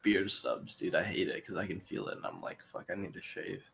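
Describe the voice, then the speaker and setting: A man's voice: sits low, very animated, fairly quick, vocal fry, a bit bright, slight background noise. A man co-hosting a casual podcast, rambling and laid-back, swearing freely among friends. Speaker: podcast co-host.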